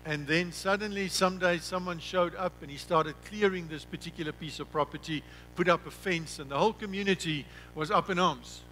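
A man preaching a sermon as pastor, who slows down and drops his voice on key words and repeats himself when telling a story. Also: on the high side, sharp tone, slight background noise, rough recording.

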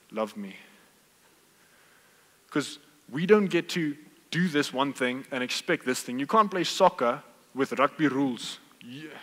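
A man's voice: on the high side, fairly bright tone. A man preaching a sermon in a conversational, emphatic way, full of rhetorical questions. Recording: reverberant hall.

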